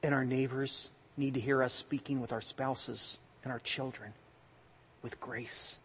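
Husky-voiced pastor preaching in a hall. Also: male voice, mid-range voice, fairly even intonation, unhurried, dull audio. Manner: conversational preaching with personal anecdotes, swings from loud to hushed. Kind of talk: sermon.

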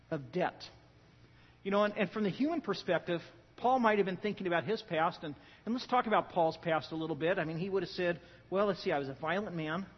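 High, animated preacher in an echoing hall. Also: male voice, breathy edge. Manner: animated, joking storyteller who swings from loud emphasis to quiet. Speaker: pastor. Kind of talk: sermon. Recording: dull lo-fi sound with long hall reverb.

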